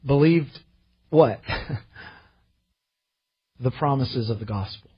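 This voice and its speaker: A man preaching a sermon to his church, earnest, rising to loud pleading and dropping to quiet asides. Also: mid-range voice, takes it slowly, husky, dull audio. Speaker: pastor.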